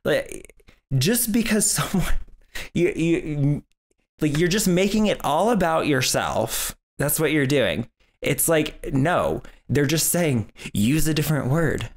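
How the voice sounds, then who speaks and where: A man's voice: fairly high pitch, lively intonation, slow pace. A man hosting a reaction commentary, talking in an exasperated, sarcastic, lecturing way. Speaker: commentary host.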